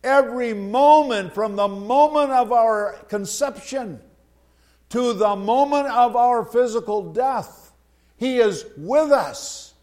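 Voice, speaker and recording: A man delivering a sermon in a high voice. He speaks slowly and deliberately, leaning on repeated phrases for emphasis. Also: a little mellow. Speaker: preacher.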